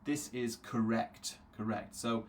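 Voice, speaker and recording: A man runs a live online English class, speaking at an ordinary middle pitch. He says words slowly, over and over, to drill their sounds. He also reads out viewers' names from the chat and answers them. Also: fairly even intonation, a little hiss or hum. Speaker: English teacher.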